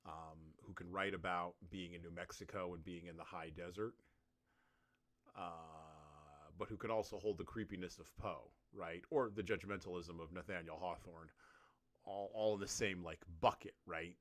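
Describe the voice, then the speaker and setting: A man hosting a podcast, asking questions in an animated, casual way. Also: sits low, normal speed. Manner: animated questioner, leans on "right?". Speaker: podcast host.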